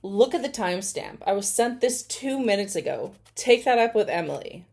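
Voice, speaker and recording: A woman's voice: medium pitch, lively intonation, moderate pace, hardly any pauses, a little mellow. A young adult woman hosting a reaction video, reading messages aloud and commenting bluntly, with plenty of swearing. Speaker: reaction channel host. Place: at home by an open door near a main road.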